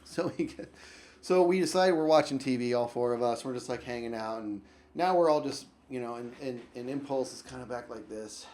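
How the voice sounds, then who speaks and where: A young man telling a story on his vlog, very animated, swinging from loud outbursts to low mutters and rambling with lots of restarts. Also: brisk. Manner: rambling, full of likes and restarts. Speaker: YouTube storyteller.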